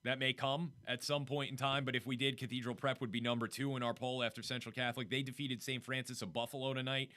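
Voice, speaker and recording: A man's voice: mid-range voice, level tone, sharp tone. A man with a North Jersey accent hosting a sports show, chatting casually and reading off scores. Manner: chatty, reads off scores quickly.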